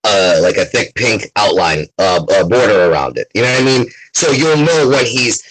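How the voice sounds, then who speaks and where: A man, a comic artist as guest, chatting excitably over a video call and often asking "you know what I mean". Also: fairly low pitch, normal speed, few pauses, poor audio. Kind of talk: casual chat.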